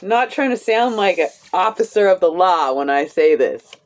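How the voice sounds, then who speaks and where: A woman's voice: lowish voice, expressive. A woman giving a casual live tarot reading, chatty and laughing often, with casual swearing. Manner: slow, drawn-out delivery. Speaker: tarot reader.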